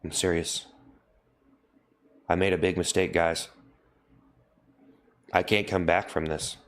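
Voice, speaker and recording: A man hosting a livestream, repeating a deadpan mock confession over and over. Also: deep voice, slow pace. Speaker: livestream host. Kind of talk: mock-solemn livestream apology.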